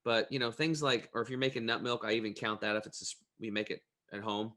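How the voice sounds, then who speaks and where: A man speaking as an interview guest, an energetic, emphatic and plain-spoken storyteller. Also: on the low side, fast talker.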